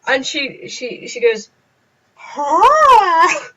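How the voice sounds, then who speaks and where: A teenage girl tells a story in a chatty vlog, acting out the people she quotes. Her mid-range voice is a bit bright and a little slow, and the lo-fi recording sounds dull.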